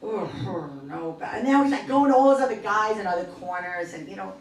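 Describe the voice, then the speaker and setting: A middle-aged woman performing a stand-up comedy set in a club, chatty and self-deprecating, with quick asides. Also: medium pitch, crowd noise. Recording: echoey club from far off. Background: audience laughter.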